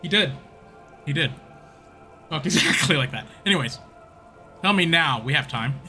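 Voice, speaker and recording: A man's voice: on the high side, expressive, normal speed, bright, forceful tone, soft background music. A man streaming a game, rambling casually, laughing and mocking himself. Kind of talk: casual gameplay commentary.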